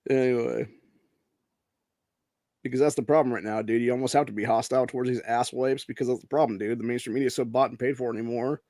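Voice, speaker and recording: A brash, foul-mouthed male podcast host from Ohio runs through the news in casual commentary. He keeps dropping "dude" between lines. His voice is mid-pitched, dark and mellow, and recorded dry and close with no room sound. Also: fairly even intonation, fast, dry recording. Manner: profane, brash, says dude a lot.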